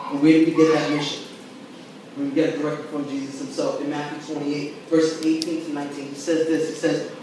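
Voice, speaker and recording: A man preaching a sermon as pastor, talking in a conversational, animated way and checking in with the congregation as he goes. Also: a little high, noisy background. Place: church sanctuary. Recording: echoey church hall, mic at a distance.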